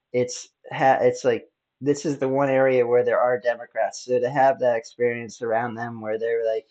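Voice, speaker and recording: A man's voice: mid-range voice, a little mellow, highs cut off. A man hosting a podcast, telling a story casually in a rambling way, full of fillers and laughs. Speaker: podcast host.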